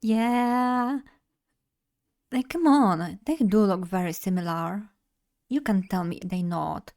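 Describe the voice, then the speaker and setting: Casual live-stream talk comes from a young woman with a medium-pitched, darkish voice. A native Polish speaker, she rambles a little, pokes fun at herself, and laughs a lot.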